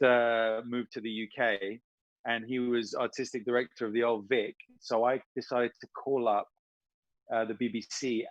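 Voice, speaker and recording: A man, an actor and voice performer, chatting casually and telling animated stories with quick impressions. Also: mid-range voice, no echo, dull audio. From United Kingdom. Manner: animated, slips into impressions mid-story. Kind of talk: casual interview storytelling.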